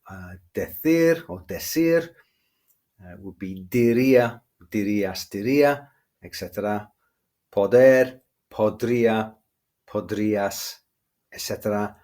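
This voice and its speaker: A man teaching a grammar lesson to camera, explaining step by step and slowing down to spell out examples. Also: fairly low pitch, a little mellow, slightly rough. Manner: measured, explanatory, slows down for examples.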